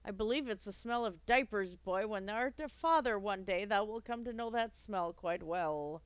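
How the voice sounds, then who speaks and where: A woman voicing a sweet elderly working-class nanny who talks gently in old-fashioned speech, with a touch of bitterness. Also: mid-range voice, moderate pace, smooth, no echo, lightly acted. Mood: gentle. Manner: gently chatty, archaic speech, mildly bitter. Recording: dull lo-fi dry recording.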